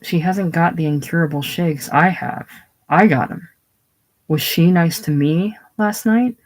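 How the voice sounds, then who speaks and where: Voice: medium pitch, measured pace. A reader doing a shaky, defensive young husband. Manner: defensive, gloomy. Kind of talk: casual play reading.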